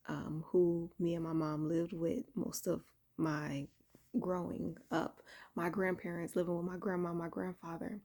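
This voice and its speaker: A woman casually telling a personal spiritual story indoors, keeping her voice low and soft so she doesn't wake her sleeping son. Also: gravelly. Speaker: vlogger sharing a spiritual testimony. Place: indoor room at home.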